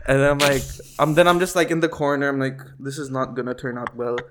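A man retelling a comedy night in casual chat, laughing and quoting people with lively voices. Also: mid-range voice, fast, a little hiss or hum. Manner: laughing, animated retelling with quoted lines. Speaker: comedian, guest.

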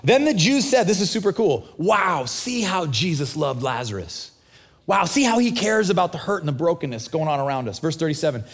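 Middle-aged male pastor, high voice, chatty sermon delivery with acted-out dialogue. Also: sing-song, brisk. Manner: casual, conversational preaching with acted-out dialogue.

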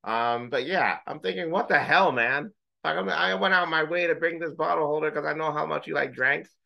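A man co-hosting a podcast, telling animated stories in casual chat, swearing freely and mimicking others. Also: fairly high pitch, brisk, vocal fry, lo-fi sound. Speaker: podcast co-host.

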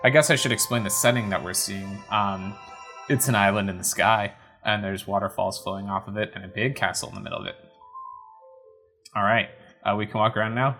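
A man with a fairly low voice talks through a game live on stream, wry and easily amused. He chats casually into a desk mic at home while soft game music plays faintly behind him. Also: steady tone, moderate pace. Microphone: webcam setup with desk mic.

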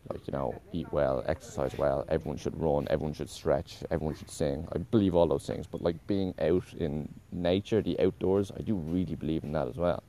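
A man's voice: very deep voice, steady tone, brisk, few pauses, warm tone. A man talking in a casual, meandering monologue, correcting himself often and swearing offhandedly.

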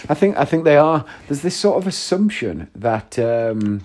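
With a fairly high, sing-song and slightly mellow voice at normal speed, a podcast host chats and jokes casually. He's at home playing a video game while recording, rambling and easily pulled off track.

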